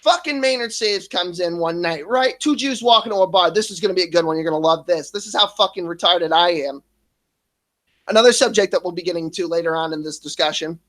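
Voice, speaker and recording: A man in his thirties speaks on his stream about his past, emotional and close to tears. He swears constantly, stops and restarts his sentences, and trails off. His voice sits a little higher than most men's. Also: a little fast, fairly bright tone. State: emotional, near tears at times. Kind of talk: emotional personal confession.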